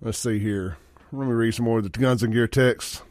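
Folksy radio host, riled up. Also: male voice, steady tone, normal speed, a little mellow, dry recording. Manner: folksy, worked-up rants, pitch climbing when riled. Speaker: radio talk show host. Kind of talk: opinionated sports talk. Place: radio studio. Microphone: studio microphone.

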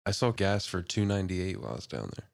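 A man's voice: low-pitched, very animated, fast, creaky, no room sound, clean studio sound. A man co-hosting a casual podcast chat, laid-back and laughing often. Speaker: podcast co-host.

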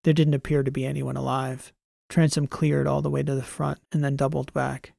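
A man reading a science fiction story as an audiobook narrator, in a measured, even way. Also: mid-range voice, creaky, no echo, studio quality. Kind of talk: scripted narration.

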